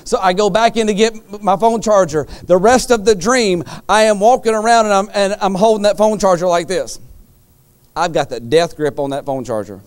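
A man preaches in a church with a high, smooth and resonant voice. He tells his story vividly, acting out other people's lines loudly and then dropping low and quiet to stress a point. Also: moderate pace. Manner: storytelling, acts out quoted lines with sudden loud jumps. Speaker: pastor. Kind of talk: sermon. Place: church sanctuary.

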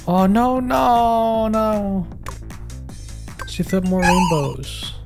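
A gaming YouTuber commentating a let's play, reacting excitably with frequent swearing and stammered restarts. He talks at an unhurried, drawn-out pace, with game music faint in the background. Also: medium pitch.

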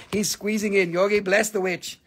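Brief: excitable male host selling crystals live on a phone, husky high voice, casual cursing. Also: moderate pace. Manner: excitable, chatty, swears casually, laughs often. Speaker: crystal seller hosting a live sale. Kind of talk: live-stream sales chat.

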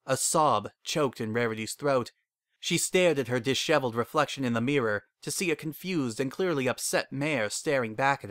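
A man narrating a dramatic reading of fan fiction with expressive storytelling. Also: mid-range voice, no room sound, studio quality.

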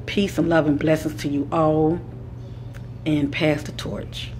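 A woman's voice: deep voice, level tone, a little slow, a little mellow, a little hiss or hum. A woman giving a spiritual advice monologue, speaking with a repetitive, preacher-like cadence and calling her listeners kings and queens. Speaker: spiritual teacher.

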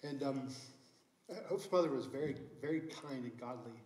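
Earnest middle-aged pastor in echoey room. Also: male voice, mid-range voice, moderate pace, darkish tone. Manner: earnest storytelling with many restarts. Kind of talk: sermon. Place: church sanctuary.

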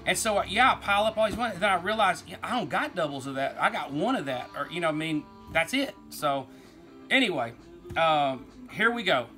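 A man's voice: high-pitched, lively intonation, brisk, sharp tone, faint music behind. A man with an East Texas accent, hosting a toy collecting vlog in a folksy, rambling way. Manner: rambling, folksy, says y'all, laughs easily. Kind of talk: casual rambling toy talk.

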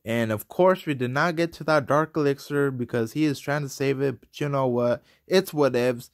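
An excitable young man talks through his gameplay in a loose, rambling way. He flips fast between confident boasting and frustrated outbursts, with plenty of fillers. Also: mid-range voice. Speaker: gaming commentator. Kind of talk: casual gameplay commentary.

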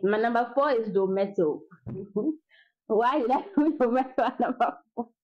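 A young woman chats casually to her viewers. She laughs often and now and then sings a line or two. Her voice sits at a middling pitch, and the recording sounds dull and lo-fi. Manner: chatty, laughs often, sings snatches of songs. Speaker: vlogger. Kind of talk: casual chat.

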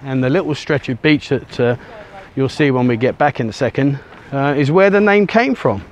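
This beach-walking vlogger has an expressive, mid-range voice and a moderate pace as he talks casually to a handheld camera he turns around. The sunny sand leaves him a little short of breath, and his talk wanders, peppered with ums and uhs.

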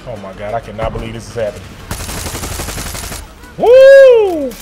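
Excitable man narrating his gameplay. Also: medium pitch, measured pace, lo-fi sound, over loud music. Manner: animated, talks to himself and the game, slangy. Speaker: gaming streamer.

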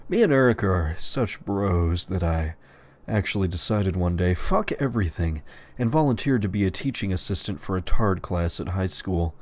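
Deadpan man narrating crude stories. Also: deep voice. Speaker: storyteller. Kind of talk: reading greentext stories aloud.

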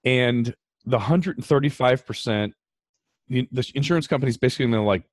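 A man's voice: medium pitch, brisk, no room sound, studio quality. A man hosting a podcast, explaining finance numbers in a casual, emphatic way. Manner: animated, emphatic, talks through numbers. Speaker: podcast host.

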